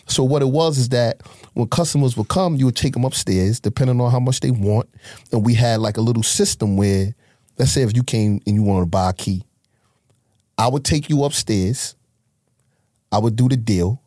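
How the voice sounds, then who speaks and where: A man's voice: moderate pace, no echo, studio quality. A middle-aged man from Harlem, casually telling his life story in an interview, acting out the voices he quotes. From Harlem, New York. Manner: animated street storyteller, acts out quotes with big pitch jumps.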